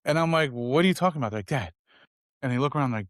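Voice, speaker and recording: Animated middle-aged man, smooth close voice. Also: mid-range voice, rapid-fire, dry recording. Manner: animated storyteller, acts out his kids' voices. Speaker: podcast co-host. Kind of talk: casual podcast chat.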